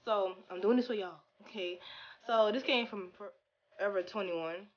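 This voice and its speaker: Flat-sounding young woman vlogger. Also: mid-range voice, moderate pace, dull audio. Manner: talks stiffly with little mouth movement, sounds flat. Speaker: beauty vlogger. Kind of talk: casual product review chat.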